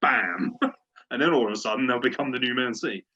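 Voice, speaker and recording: Man, sports podcast host, husky voice, profane fired-up rant, dull lo-fi sound. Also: mid-range voice, steady tone, fast talker, a bit bright.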